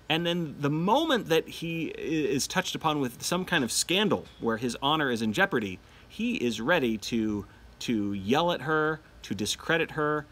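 A man teaching a literature lesson in an animated manner, acting out quotes from the play. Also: medium pitch, moderate pace.

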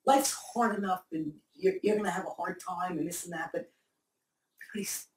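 A middle-aged woman speaking candidly in an interview, halting and repeating herself as she answers. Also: lowish voice, a little mellow, slight background noise. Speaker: interviewee, mother of the host. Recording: echoey room, mic far off.

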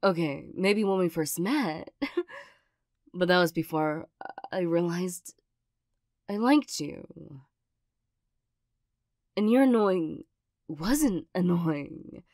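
Woman voicing a flustered young girlfriend who talks tough but loves deeply, hesitant and a little low, for a slow whispered role-play. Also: a little mellow, no room sound, clean studio sound. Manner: hesitant and stammering, with nervous little laughs. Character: awkward tsundere young girlfriend, gruff but loving. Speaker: ASMR role-play performer.

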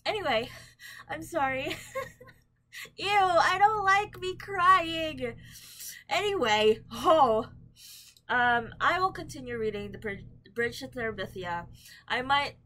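A woman's voice: on the high side, pushed and bright. A young woman chatting casually to camera in a book vlog, bubbly and full of ums and likes. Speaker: book vlogger. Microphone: camera mic.

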